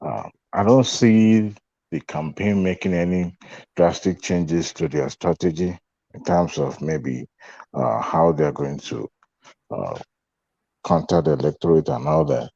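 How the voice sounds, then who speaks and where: Man, very low gravelly voice, dark tone, dry dull lo-fi sound, halting panel remarks. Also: no room sound. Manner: slow, halting, many fillers. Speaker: panelist giving closing remarks. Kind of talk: online panel discussion.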